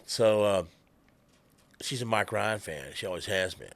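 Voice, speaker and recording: A man's voice: on the low side, unhurried. A middle-aged man, telling stories in a chatty, laughing, drawling way. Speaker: guest musician. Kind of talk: casual storytelling.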